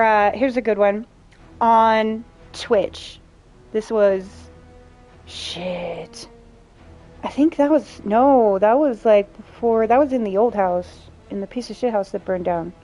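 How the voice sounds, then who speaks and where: A woman's voice: mid-range voice, a little mellow, lo-fi sound. Blunt, profane woman streamer. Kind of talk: casual chat while playing. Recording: faint game music behind.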